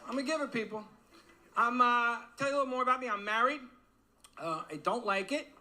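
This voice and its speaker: A man doing a stand-up set on a comedy club stage, firing off rapid self-mocking one-liners. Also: extremely high pitch, expressive. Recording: very noisy live club recording with crowd.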